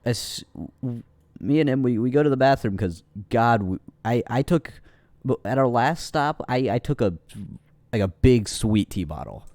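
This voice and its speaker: A man's voice: medium pitch, lively intonation, normal speed, darkish tone, dry recording. A young man casually telling a rambling, profane story with lots of restarts, as a streamer.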